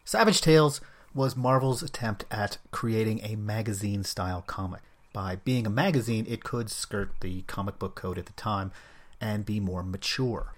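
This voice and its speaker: A man with a fairly low voice hosts his own comics podcast, talking alone to his listeners. He keeps a wry, self-mocking humor running through his asides. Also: normal speed. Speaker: podcast host. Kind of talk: solo comics podcast talk.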